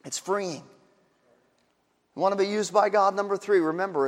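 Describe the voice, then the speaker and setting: A man preaching a sermon as pastor, emphatic and repetitive, rising to shouts and dropping low. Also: moderate pace. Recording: hall reverb.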